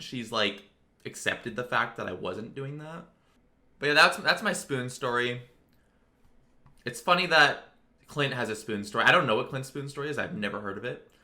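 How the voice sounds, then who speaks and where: A man's voice: medium pitch, pushed and bright. A young man casually telling a personal story, rambling with lots of fillers. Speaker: storytelling video creator.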